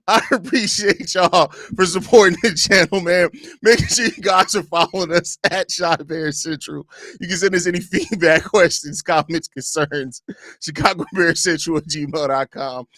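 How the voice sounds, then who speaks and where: A man hosting a sports podcast with a bright, forceful voice, recorded dry and close with no room sound. He slides from loose, repetitive talk into profane, exasperated rants, mocking and shouting, with bursts of laughter. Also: high voice, fairly even intonation, moderate pace, no room sound. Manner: laughs between lines, repeats himself. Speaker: podcast host. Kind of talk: solo sports podcast rant.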